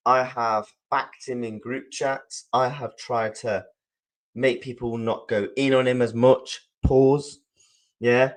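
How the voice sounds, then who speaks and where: A man's voice: medium pitch, low-quality recording. Furious young man ranting. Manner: furious ranting, swearing, repeating himself. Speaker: football fan channel host. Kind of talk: angry post-match reaction to live chat. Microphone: desk mic he is adjusting.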